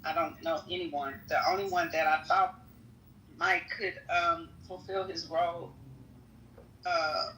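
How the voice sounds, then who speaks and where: A man agreeing in loose political chat, his voice slightly high and bright. He hesitates and trails off, and the room around him echoes. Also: flat delivery, measured pace, pauses often, far from the mic, a little hiss or hum.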